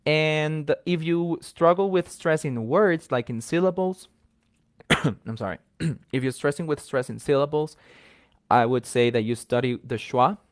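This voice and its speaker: A man's voice: fairly high pitch, unhurried, clear, resonant tone, no room sound. Male teacher, dry sound. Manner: patient, explains step by step with examples. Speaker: English teacher guest. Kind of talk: casual explanatory chat.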